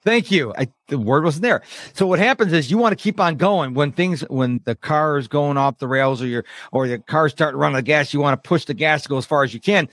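A middle-aged man who coaches people on overwhelm, talking casually as a podcast guest and acting out quotes in lively voices. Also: a little high, no room sound, clean studio sound. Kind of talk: casual interview talk.

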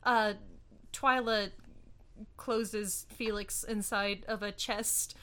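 A woman's voice: medium pitch, steady tone, drawn-out words, sharp tone. A woman co-hosting a casual film recap chat, gushing and laughing often as she talks. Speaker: podcast co-host.

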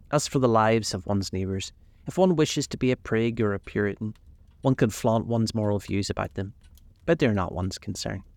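A man voicing a languid, witty aristocratic gentleman in a storybook reading, with a drawling, amused manner. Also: on the low side, creaky, no room sound.

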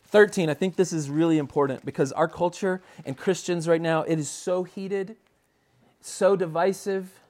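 A man preaching a sermon with a noticeably high-pitched voice. He speaks earnestly and with emphasis, often restarting a phrase to drive his point home. He reads scripture aloud in the same steady preaching voice. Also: normal speed. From United States. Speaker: pastor.

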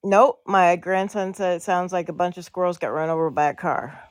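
A woman's voice: fairly low pitch, moderate pace, clear, resonant tone, no echo. An older woman from Canada chatting casually on a podcast, telling stories and laughing at herself.

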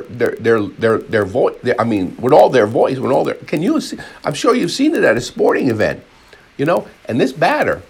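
A man's voice: mid-range voice, husky. A man preaching a sermon, rambling with frequent repeats and restarts, and acting out voices in his examples. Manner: animated, acts out crowd voices.

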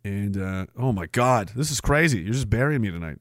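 A man's voice: lowish voice, animated, a little fast, fairly bright tone, no room sound, studio quality. A man hosting a livestream, reading chat aloud in a profane, sardonic way and laughing often. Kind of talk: casual chat.

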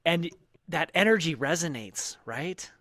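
Man, podcast co-host, bright and fairly high, encouraging, dry close sound. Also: animated, measured pace, no room sound. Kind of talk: casual chat.

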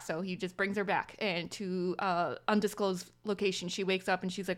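A woman's voice: medium pitch, fairly even intonation, brisk, few pauses, fairly bright tone. Woman rambling through a casual movie recap. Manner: rambling, profane, quotes characters in her own voice. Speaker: podcast co-host.

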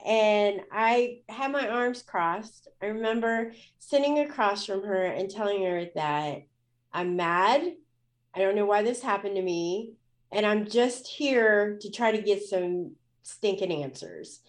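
A woman's voice: medium pitch, animated, takes it slowly. A woman speaking as a guest in an interview, telling a personal story in a candid, emotional way with many fillers.

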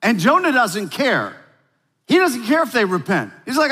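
A man preaching a sermon as pastor, energetic and emphatic, drawing the congregation into call-and-response. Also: extremely high pitch, moderate pace, husky, big-room sound.

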